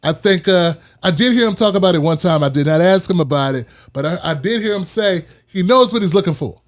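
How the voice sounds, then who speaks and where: A man's voice: high-pitched, fairly quick. A man hosting his own show, talking casually and heatedly about politics, repeating lines for emphasis. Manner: animated, preachy, repeats phrases for emphasis. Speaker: host.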